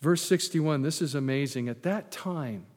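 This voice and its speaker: A man preaching a sermon as a pastor, telling the story with lively, sarcastic asides. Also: fairly high pitch, normal speed, long reverb tail.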